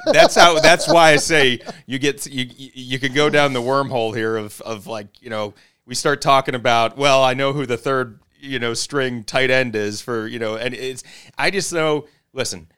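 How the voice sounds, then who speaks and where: A man hosting a casual sports chat, animated, laughing often and breaking off his own sentences. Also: medium pitch, moderate pace, clear, resonant tone.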